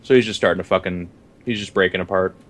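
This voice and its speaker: A man playing a tabletop game, describing his character in halting, stammering bursts with swearing. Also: sits low. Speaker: player.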